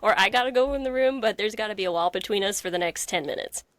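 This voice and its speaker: A woman hosting a relaxed interview, her voice recorded dry with no room sound. She speaks at a medium pitch, thoughtfully sharing her own experience. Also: fast, dry recording. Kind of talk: casual interview conversation.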